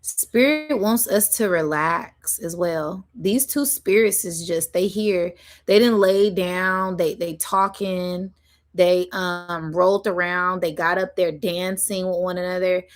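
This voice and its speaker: A young woman with a slightly low voice talks straight to her viewers as she gives a spiritual reading. She is chatty and giggly, and she stretches her words out slowly while she channels. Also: steady tone. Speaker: spiritual energy reader. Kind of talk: casual intuitive reading to viewers.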